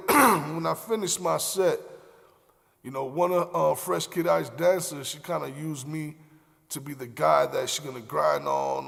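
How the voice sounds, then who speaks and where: Podcast host, young man, gravelly voice, slangy rambling storyteller, long reverb on the recording. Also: on the high side, fairly bright tone. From Miami, Florida. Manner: slangy, profane, loose rambling with many fillers. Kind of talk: casual storytelling.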